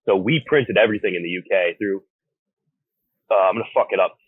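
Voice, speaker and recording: Husky, deep-voiced young man, profane and blunt. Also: a little fast, dry recording. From United States. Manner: blunt, profane, laid-back storytelling. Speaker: band vocalist, guest. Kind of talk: casual interview chat. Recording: phone-like remote call audio.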